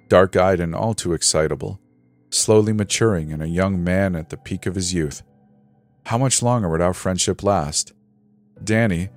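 A man narrating a horror story in a measured, dramatic storytelling voice. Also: low-pitched. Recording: faint background music.

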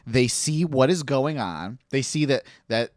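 A man's voice: mid-range voice, a little slow, no room sound. A man spins a long personal story in loose, profane podcast talk. He jumps into the voices of the people he quotes. The sound is dry and close, with no room around it. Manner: animated, swearing, acts out quoted voices. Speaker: podcast guest telling a story. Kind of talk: casual storytelling chat.

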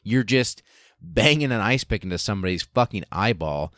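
Sex: male. Figure: fed-up surgeon, put on by a man. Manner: blunt, dismissive, profane. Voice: low. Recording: dry. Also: expressive, moderate pace, fairly bright tone, no room sound. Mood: exasperated.

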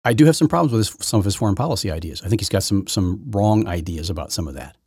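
A man's voice: lowish voice, animated, fast, a little mellow, slightly rough, dry recording, studio quality. A man hosting his own podcast, giving rambling, opinionated solo commentary full of restarts and repeated words. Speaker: podcast host.

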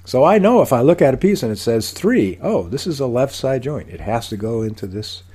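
Older guy, husky voice, woodworker chatting about his shop mishaps, jokey and animated. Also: mid-range voice, fairly quick. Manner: animated, self-mocking, dry humor. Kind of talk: casual storytelling. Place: podcast recording.

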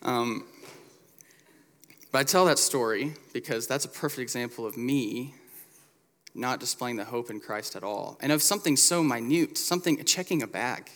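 A man's voice: medium pitch, moderate pace, a bit bright. A young man in his twenties, a pastoral resident, preaching a sermon in a conversational, self-deprecating way, telling a personal story to the congregation. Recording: long hall reverb.

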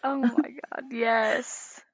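A woman co-hosting a casual podcast chat, a mother telling animated stories, swearing and laughing a lot. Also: a little high, drawn-out words, breathy edge, no room sound. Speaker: podcast co-host.

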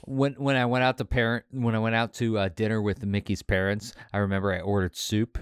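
A man's voice: on the low side, level tone, a little fast, clear, resonant tone, no echo. A man co-hosting a podcast in casual chat, telling stories with lots of fillers and swearing. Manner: swearing, chatty storytelling with many fillers. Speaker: podcast co-host.

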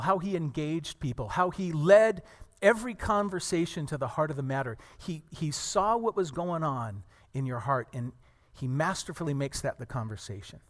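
A man preaching a sermon to a congregation, earnest and animated, telling stories and acting out the people in them. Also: fairly high pitch, in a large hall. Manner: earnest, animated storytelling with acted quotes.

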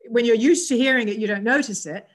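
A woman's voice: a little high, fast. Older English woman recalling memories. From England. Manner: gentle, with frequent fillers and restarts. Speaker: interview guest. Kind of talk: reflective personal storytelling.

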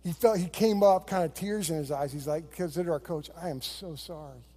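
A middle-aged man preaches a sermon as a pastor, weaving stories into it in an easygoing, conversational way. His voice sits high for a man yet sounds warm and mellow. A long reverb trails behind him in a large hall. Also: fairly quick, faint music behind.

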